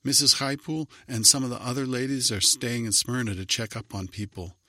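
A man voicing a calm, steady young boy in a storybook reading. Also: medium pitch, a little fast, no room sound, studio quality, voice pushed up. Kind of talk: storybook character voice.

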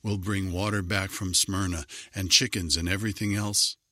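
A man's voice: sits low, steady tone, normal speed, pushed and bright, dry recording, studio quality. A man voicing a tired, grumbling village merchant in a storybook reading. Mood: matter-of-fact. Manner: gruff, tired. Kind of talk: storybook character voice.

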